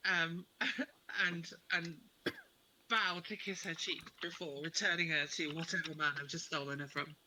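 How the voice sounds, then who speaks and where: A man's voice: a little high, fairly even intonation, a little slow, sharp tone, slight background noise, low-quality recording. A man playing a tabletop game, playfully declaring his character's actions. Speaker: player.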